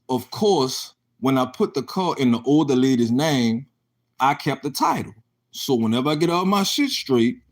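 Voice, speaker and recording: A young adult man telling a casual, profanity-laced story about his own life, acting out the exchanges he describes. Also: mid-range voice. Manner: profane, animated, acts out quoted exchanges.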